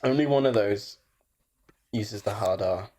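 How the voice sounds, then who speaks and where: A man's voice: on the low side, unhurried, darkish tone. A man co-hosting a casual film review podcast, laid-back, laughing often and swearing casually. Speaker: podcast co-host.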